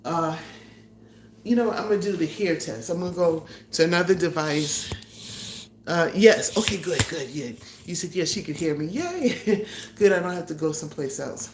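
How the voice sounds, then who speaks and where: A chatty, excitable middle-aged woman talks to her live chat while she gets ready to cook, a little out of breath and quick to laugh. Her voice sits on the low side for a woman. The sound is roomy and echoey, recorded from a tripod-mounted camera, with a faint hum underneath. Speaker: vlogger hosting a live cooking stream. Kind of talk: casual live-stream chat. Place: her home kitchen. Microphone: phone or camera on a tripod.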